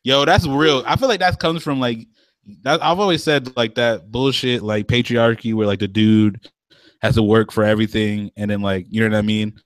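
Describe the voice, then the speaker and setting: Young man, casual podcast talk, profane and loose, mid-pitched, dry close mic. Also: fairly even intonation, moderate pace, dry recording. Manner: loose, profane, laughs often. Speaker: podcast co-host. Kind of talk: casual chat.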